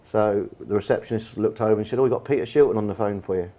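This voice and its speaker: An English football manager in a live on-stage conversation at a bar event, telling stories in a chatty, anecdotal way with plenty of fillers. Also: male voice, on the low side, fast, warm tone. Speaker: football manager and guest speaker. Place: bar event room with an audience.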